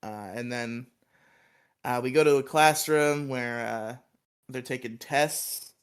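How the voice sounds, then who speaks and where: A man's voice: mid-range voice, takes it slowly, clean tone. A man co-hosting a podcast, recapping a TV episode in a rambling, giggly way with lots of fillers. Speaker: podcast co-host.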